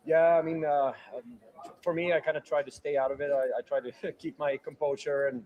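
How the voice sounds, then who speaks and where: A man answering in an interview, hesitant and measured, with many fillers. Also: on the high side, level tone, dull audio. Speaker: curling athlete.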